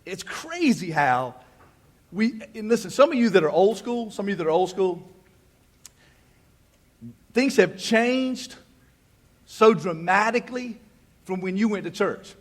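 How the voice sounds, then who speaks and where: A male pastor in his thirties delivers a sermon in a chatty, folksy way, full of self-deprecating asides. His voice sits slightly high for a man and has a husky, raspy grain. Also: very animated, moderate pace, a little mellow. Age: 30s. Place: church.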